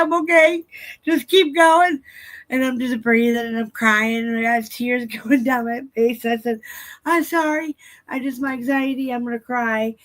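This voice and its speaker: A woman casually telling viewers a personal story, chatty and animated, acting out what people said and laughing often. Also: medium pitch.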